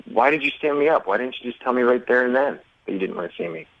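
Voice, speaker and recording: A man's voice: mid-range voice, animated, quick pace, no room sound. A man on the phone with a radio show, earnest and defensive. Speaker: caller on the line. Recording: muffled phone line.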